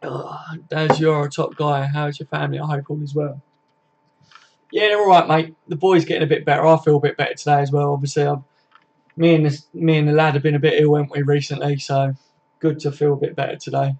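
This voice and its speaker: A man's voice: on the high side, little pitch movement, a little fast, creaky, a little mellow. A young man hosting a casual live stream, reading viewer comments aloud in a chatty, laddish way and swearing freely.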